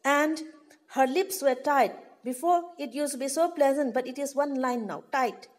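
A woman's voice: high voice, moderate pace. A woman teacher, reading a story aloud and explaining it to pupils, often repeating herself. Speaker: English teacher.

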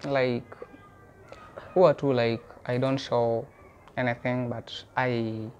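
A young Kenyan man answering interview questions in short, shy, soft-spoken replies. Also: medium pitch, little pitch movement, slow, smooth, highs cut off. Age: young adult. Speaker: musician guest.

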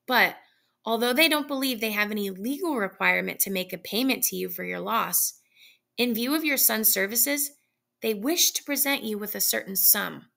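A woman's voice: medium pitch, moderate pace, creaky, pushed and bright. A woman voicing an uneasy, formal male messenger bringing bad news in a read-aloud story.

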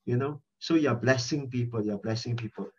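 A middle-aged man, a pastor, giving an animated, conversational sermon over a prayer chatline and repeating key phrases for emphasis. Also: mid-range voice, brisk, slightly rough. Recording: dull lo-fi phone-line audio.

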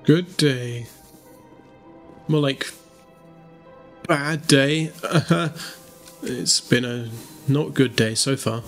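A man's voice: medium pitch, drawn-out words, long pauses, a bit bright, soft background music. A man streaming a game, giving casual, playful commentary. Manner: chatty, playful, teasing.

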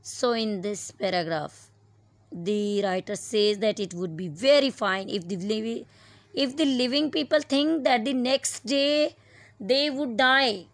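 A woman teacher giving an online English lesson, reading a passage aloud slowly and explaining word meanings with occasional fillers. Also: on the high side, no room sound. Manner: slow, deliberate reading with fillers.

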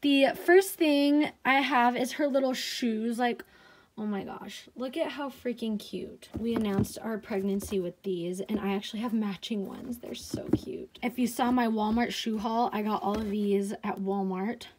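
A woman's voice: a little high, moderate pace, noisy background. A pregnant young woman in her twenties giving a chatty vlog tour, gushing over things and short of breath. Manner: chatty, gushing, says "like" a lot. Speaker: vlogger.

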